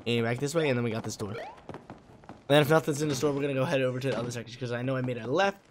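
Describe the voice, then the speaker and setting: A young man, a little hoarse, giving laid-back, slangy gameplay commentary with excitable bursts. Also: medium pitch, rapid-fire, a little hiss or hum.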